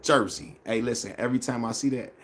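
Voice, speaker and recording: Speaking quickly in a mid-range, somewhat bright voice, this man hosts a laid-back live stream with slight background noise. He rambles about basketball and reads viewer comments aloud, using slang, repeating himself and laughing a lot in casual sports talk.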